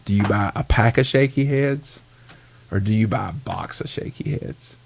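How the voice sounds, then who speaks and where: A man hosting a podcast in casual chat, animated and rambling, laughing often. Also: on the low side, normal speed, vocal fry, a little hiss or hum. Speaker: podcast host.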